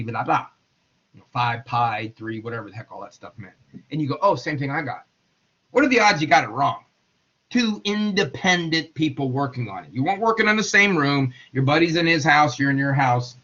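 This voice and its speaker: Chatty man lecturing, lively and husky. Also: a little high, fairly quick, highs cut off. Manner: chatty, digressive, acts out quotes in funny voices. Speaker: teacher. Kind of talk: casual classroom lecture.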